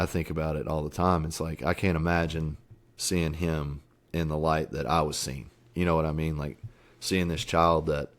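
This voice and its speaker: A middle-aged man guesting on a podcast, telling his story in an earnest, reflective way, swearing casually, with many fillers. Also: very deep voice. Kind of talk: candid interview storytelling.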